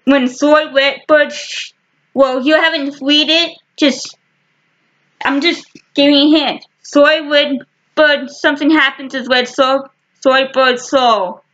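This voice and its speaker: Slow, halting young-sounding woman. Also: high voice, fairly even intonation, a bit bright, lo-fi sound. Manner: halting, restarts often, talks in short fragments; slow and rambling. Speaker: vlogger showing her book collection. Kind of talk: casual chat.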